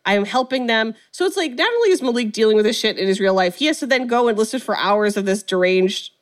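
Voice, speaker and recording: A woman's voice: on the high side, lively intonation, fast. A woman casually recapping a film plot, storytelling animatedly with lots of "like" and acted-out quotes. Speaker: podcast co-host recapping a film. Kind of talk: casual chat.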